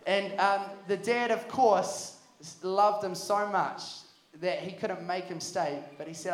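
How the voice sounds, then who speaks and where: A young man preaching to a youth camp, energetic and jokey. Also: high voice, moderate pace. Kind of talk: sermon. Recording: echoey hall.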